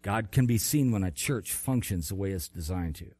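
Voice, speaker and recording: Man preaching an animated sermon, dry sound. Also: normal speed, dry recording. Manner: animated storytelling with swings between loud bursts and quiet low lines. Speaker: pastor.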